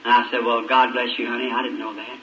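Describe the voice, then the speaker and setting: A man's voice: medium pitch, little pitch movement, quick pace. A man preaching a sermon, telling a story in a folksy, emotional way and acting out the voices in the dialogue. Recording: roomy, distant, dull old recording with faint hiss.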